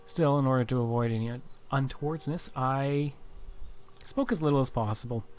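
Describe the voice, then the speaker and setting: A man's voice: mid-range voice, moderate pace, a little mellow. Let's-play host: man with a middle-range voice, theatrical reading of game narration, light hiss in the recording. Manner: reads narration with mock-dramatic flair, self-deprecating asides. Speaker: gaming channel host.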